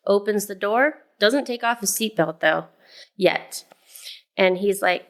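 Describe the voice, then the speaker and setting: A woman's voice: mid-range voice, steady tone, normal speed, creaky, a bit bright. A mother co-hosting a podcast, telling a family story in casual chat with many fillers and restarts.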